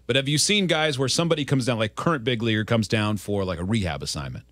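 A man hosting a casual sports interview, telling stories and quoting people with animated delivery. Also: mid-range voice, fast talker, dry recording, clean studio sound. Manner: storytelling, animated quotes. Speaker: radio host.

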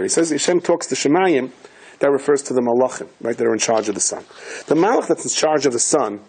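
A man, a rabbi, giving a Torah lecture with animated storytelling, acting out the voices of the people he quotes. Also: medium pitch, breathy edge. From Hasidic community in the United States.

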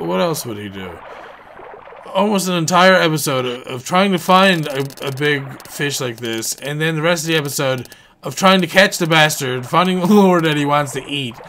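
Man, game commentary, bright tense voice, fairly high pitch, swears a lot, coaxes and scolds the fish, faint hiss behind. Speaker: gaming channel host. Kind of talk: let's play commentary.

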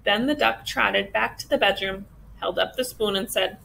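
A woman teacher reading a children's picture book aloud with expressive storytelling. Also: medium pitch, moderate pace, creaky, slight background noise, poor audio.

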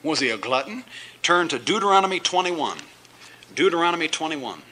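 Bright, forceful man preaching a Bible study. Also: on the high side, sing-song, a little fast, a little hiss or hum, low-quality recording. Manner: reads scripture aloud, then explains it with emphatic asides. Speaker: pastor. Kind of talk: verse-by-verse Bible study sermon.

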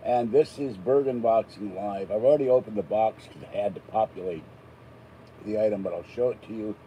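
The older Pittsburgh man's voice is lowish and dark, a little fast, captured on poor audio with some hiss or hum. While unboxing an item he chats and rambles, digressing with self-deprecating asides.

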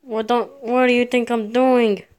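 A woman's voice: on the high side, flat delivery, measured pace, darkish tone, clear, resonant tone. A frightened woman commenting on a horror game as she plays, jittery and laughing nervously. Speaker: gamer.

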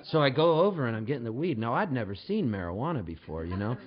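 A man telling a comic story on stage in an animated, jokey way, building up to his punchlines. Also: mid-range voice, quick pace, dull audio, a crowd in the background.

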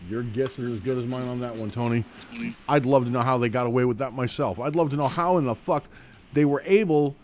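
A man's voice: medium pitch, fairly quick, a little mellow, slight background noise. A man hosting an online news show, reading news items and then ranting angrily with lots of swearing. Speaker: news commentary host.

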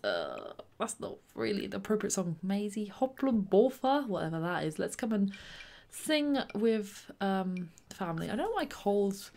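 A woman hosting let's play commentary, bubbly and excitable, sometimes dropping into soft whispers. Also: medium pitch, normal speed, creaky. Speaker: gaming channel host.

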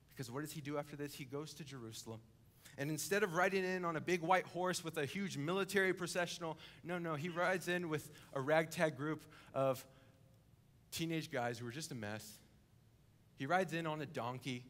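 A young adult coordinator preaching a sermon in church, telling a story vividly, dropping to a hush and then building to emphasis. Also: male voice, on the high side. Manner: vivid storytelling, acting out the characters; swings between hushed and emphatic. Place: church service, live-streamed.

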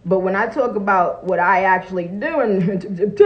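A woman's voice: mid-range voice, animated, takes it slowly, muffled recording. A woman chatting casually on a phone livestream from home, blunt and profane, laughing often and breaking off to greet viewers. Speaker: live streamer greeting viewers.

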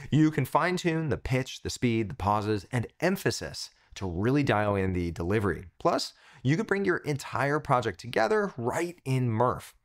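Lively, upbeat male tech tutorial host. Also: medium pitch. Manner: enthusiastic, punchy short phrases. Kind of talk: upbeat scripted product review.

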